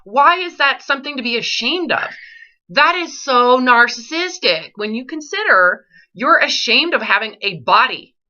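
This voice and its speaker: A woman's voice: fairly high pitch, animated, normal speed, sharp tone, muffled recording. A woman coaching a client on eating disorder recovery, blunt and pressing, swearing and repeating her questions. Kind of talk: confrontational coaching session.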